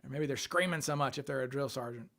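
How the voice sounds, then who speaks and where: A man's voice: mid-range voice, fast, gravelly, pushed and bright. A man hosting a casual livestream, thinking aloud and answering questions from viewer chat. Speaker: livestream host.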